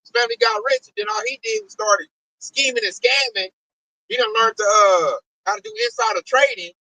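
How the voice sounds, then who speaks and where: Man, very high voice, gravelly, bright, animated preachy rant, dry sound from a distance from the mic. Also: a little fast, no echo. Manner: animated, repetitive slang-heavy ranting. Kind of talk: preachy religious talk.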